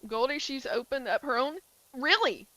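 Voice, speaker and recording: Bright-voiced woman streamer. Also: high voice, animated, moderate pace, dry recording, rough recording. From southern United States. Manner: chatty, answers chat, many filler likes. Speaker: gaming streamer. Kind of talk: casual chat while streaming a game.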